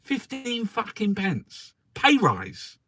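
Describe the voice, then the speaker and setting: A man's voice: high voice, huge pitch swings, takes it slowly, pushed and bright, no room sound. A man who reviews the newspapers in an angry, profane political rant. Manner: angry, profane, swears constantly.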